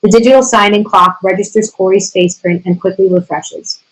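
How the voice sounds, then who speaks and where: A woman's voice: mid-range voice, slightly rough, low-quality recording. Woman reading stage directions. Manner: steady, measured reading of scene directions. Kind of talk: screenplay table reading.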